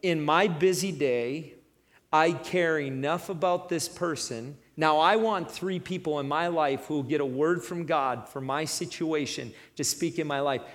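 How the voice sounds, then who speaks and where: A man preaching a sermon in a conversational, animated manner, acting out the story as he tells it. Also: a little high, unhurried, big-room sound.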